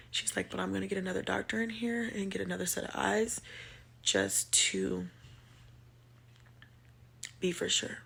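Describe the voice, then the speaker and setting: A woman vlogger telling a personal story to her viewers, halting with many pauses and fillers, shaken and emotional. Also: lowish voice, creaky, fairly bright tone, slightly rough.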